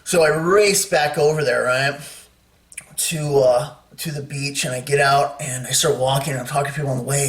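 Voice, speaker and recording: A man's voice: medium pitch, fairly even intonation, moderate pace. Man, casual rambling storytelling, lots of fillers, distant mic, echoey room. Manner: rambling, lots of fillers, acts out his own quotes.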